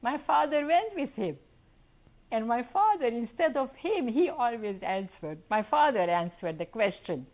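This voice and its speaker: A woman's voice: on the high side, normal speed, phone-quality sound. An older woman from Czechoslovakia telling her family's story in an oral history interview, acting out what people said. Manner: animated storytelling, acting out quoted voices.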